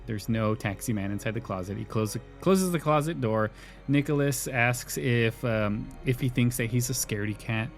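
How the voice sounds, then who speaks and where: A man's voice: medium pitch, soft background music. Laughing male podcast host recapping a show. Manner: retells scenes with quick acted quotes, laughs often. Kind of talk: casual recap chat.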